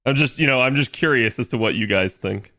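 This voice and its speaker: A young man on a home stream talks with his viewers in a medium-pitched, sharp voice, moving fairly quickly. His chatter is casual and rambling, packed with fillers, and he reads messages from chat out loud.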